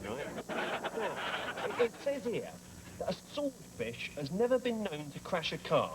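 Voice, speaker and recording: Deadpan guy doing stand-up, lively high voice, crowd laughing loud behind. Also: moderate pace, long pauses, heavy background noise. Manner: deadpan absurd delivery. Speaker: comedian. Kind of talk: stand-up monologue. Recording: studio audience laughter.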